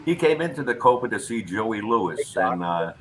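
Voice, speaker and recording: An older man with a deep yet bright, forward voice spins anecdotes as a talk-show guest. He tells his stories with energy and slips into other people's voices to act them out. A faint hum of room sound sits behind him. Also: normal speed, low-quality recording. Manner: lively storyteller, acts out voices in anecdotes. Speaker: guest entertainer. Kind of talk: casual interview chat.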